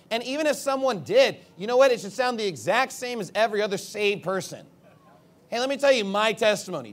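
A male pastor preaching a sermon off the cuff. He rambles at times and turns emphatic when he reads scripture. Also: sits high.

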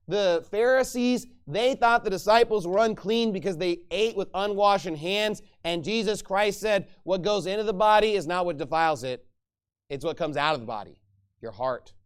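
High-voiced preaching man, emphatic. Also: smooth. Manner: emphatic, swings from loud exhortation to low quiet asides. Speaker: pastor. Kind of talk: sermon.

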